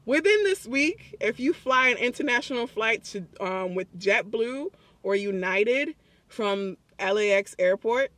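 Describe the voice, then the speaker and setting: A young man telling a story to his phone camera in a public place, excited and chatty, often breaking into laughs. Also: high voice, measured pace, no echo. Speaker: vlogger. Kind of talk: casual vlog storytelling.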